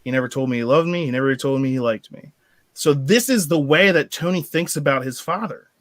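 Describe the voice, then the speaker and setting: A man hosting a casual movie discussion, excitable, laughing often and acting out quotes. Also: a little high, brisk, no room sound. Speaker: podcast host.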